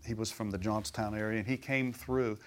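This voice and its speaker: A man's voice: on the low side, fairly even intonation, a little fast. A middle-aged man preaching a sermon, telling stories and swelling into emphatic exclamations. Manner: storytelling, rising to emphatic exclamations.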